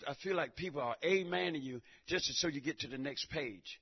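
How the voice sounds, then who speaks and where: A high-voiced, husky man preaching a fiery sermon in a church. He swings between shouting and near-hushed talk and often stammers and repeats himself. The recording is dull and lo-fi. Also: a little fast.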